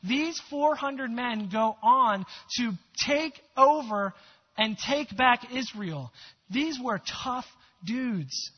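A man's voice: extremely high pitch, expressive, takes it slowly, slightly rough. A male pastor preaching a sermon in a conversational, earnest way with many rhetorical questions. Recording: dull lo-fi recording.

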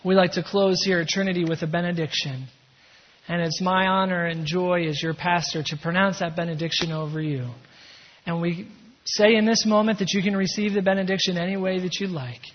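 Husky-voiced male pastor preaching in a hall. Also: sits high, brisk. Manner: emphatic preaching with shifts between energy and hushed calm. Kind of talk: sermon. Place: church sanctuary. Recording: dull sound in a reverberant hall.

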